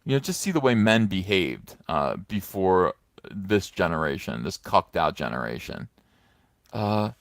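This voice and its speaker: A man's voice: lowish voice, big pitch swings, normal speed, no echo, studio quality. A middle-aged man giving sarcastic, mocking commentary in a rambling way with many fillers, recorded on a phone on a stand. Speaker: comics commentator. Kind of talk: casual commentary vlog.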